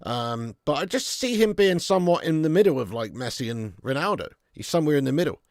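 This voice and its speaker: A man hosts a loose fan livestream, answering chat with blunt, swearing banter and calling everyone mate. His voice sits a little high. The sound is close and dry, with no room around it. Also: big pitch swings, a little fast, a little mellow, dry recording. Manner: blunt, jokey, swears freely, calls viewers mate and lad. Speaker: fan channel host reading live chat.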